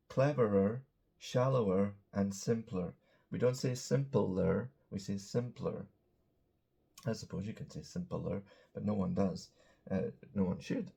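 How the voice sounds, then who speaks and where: A man teaching English grammar in a casual, chatty way, drawing out example words slowly and dropping joking asides, beside a small whiteboard indoors. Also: lowish voice, vocal fry, dark tone. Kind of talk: casual grammar lesson to camera.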